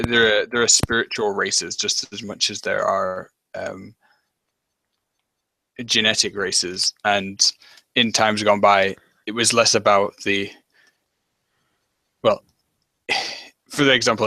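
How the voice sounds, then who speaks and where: A low-pitched man with a bright, forward tone talks slowly through abstract ideas. He hesitates and circles back as he thinks. The sound is dry and close. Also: no room sound. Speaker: hangout guest. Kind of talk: casual chat.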